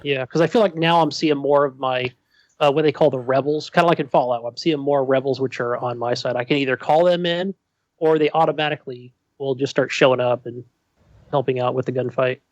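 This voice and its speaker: A man's voice: medium pitch, steady tone, a little fast, no echo, dull audio. A man co-hosting a podcast, rambling enthusiastically in casual chat with lots of fillers. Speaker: podcast co-host.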